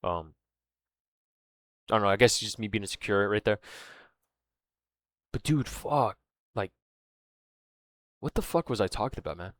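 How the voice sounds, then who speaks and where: A man's voice: on the low side, lively intonation, normal speed, long pauses, a bit bright, dry recording, clean studio sound. A man telling a story in a casual, rambling monologue, swearing often and losing his thread, with fillers like "right?" and "man". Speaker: vlogger.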